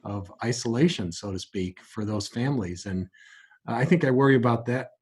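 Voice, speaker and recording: A man answering interview questions as a guest, in a measured, earnest way with some stumbles. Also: medium pitch, a little mellow, breathy edge. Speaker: guest, music company president.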